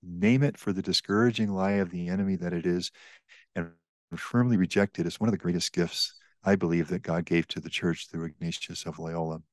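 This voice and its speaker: Low-voiced older priest, measured and earnest. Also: male voice, steady tone, no room sound. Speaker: priest and author, podcast guest. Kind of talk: explaining spiritual teaching in conversation.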